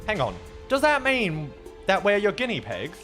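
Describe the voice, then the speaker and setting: A man voicing a brash young brawler in a video game, speaking gruffly in an attempted Australian accent. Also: sits high, huge pitch swings, normal speed, a bit bright, soft background music, heavily acted. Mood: indignant.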